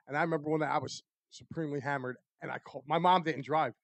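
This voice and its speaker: A middle-aged man spinning animated stories on a podcast. He talks quickly in a slightly high voice. The sound is dry and close. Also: vocal fry, no room sound. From Philadelphia area. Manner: storytelling, animated. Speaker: podcast co-host. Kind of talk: casual chat.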